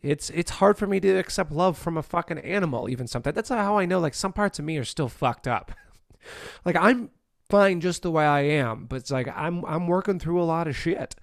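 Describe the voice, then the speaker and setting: A man's voice: on the high side, lively intonation, brisk, vocal fry, no echo, studio quality. A man hosting a candid conversation about recovery, blunt, profane and self-deprecating.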